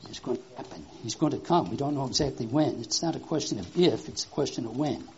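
Lively preacher doing a kids sermon, lots of questions and exclaiming, muffled lo-fi sound. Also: mid-range voice, fast talker, slight background noise. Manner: animated, exclamatory, asks children questions. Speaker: children's preacher. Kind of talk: children's sermon with object lesson.

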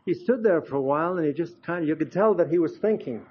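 An older man with a fairly high, animated, slightly rough voice preaches at a quick pace. His sermon is folksy and chatty, built on anecdotes, with frequent asides to the congregation. The recording is dull and lo-fi.

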